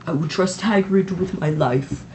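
A teenage reader voicing a wise, calm elderly male wizard headmaster in an amateur audiobook, speaking in measured explanations. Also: mid-range voice, slight background noise, pitched above the performer's own voice, lightly acted.

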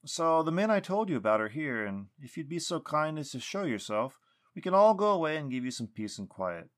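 A man voicing an excitable adult man who pleads and yells in frustration. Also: on the high side, brisk, pitched above the performer's own voice. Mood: wheedling. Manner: pleading, bursts into yelling.

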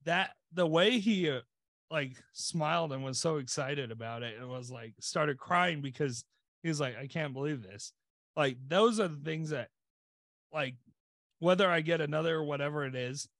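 A man's voice: a little high, fairly bright tone, dry recording, clean studio sound. A man co-hosting a podcast, telling a story in casual chat with lots of "like" fillers. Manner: rambling storyteller, many "like" fillers. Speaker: podcast co-host.

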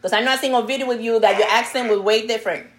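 A woman's voice: a little high, steady tone, very fast, slight background noise. A woman co-hosting a podcast, asking a guest questions in a chatty, laughing way and now and then dropping in Spanish words. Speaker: podcast co-host. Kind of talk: casual podcast interview.

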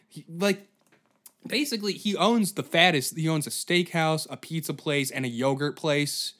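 A young man hosting a comedic podcast, telling a story as a profane, rambling monologue that keeps breaking into shouted asides. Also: on the high side, normal speed. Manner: profane, riffing, jumps into goofy put-on voices and shouts. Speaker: podcast host.

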